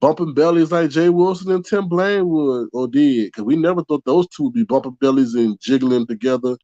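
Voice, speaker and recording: A man's voice: medium pitch, brisk, warm tone, dry recording. Man, livestream commentary host, blunt and chatty, dry muffled mic.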